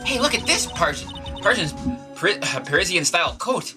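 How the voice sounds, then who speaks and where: A woman voicing an excitable, spirited young woman sidekick with a bubbly, exclamatory way of talking. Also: on the low side, fairly quick, voice pushed up. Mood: excited. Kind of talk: fan voice-over of a game. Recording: game music behind.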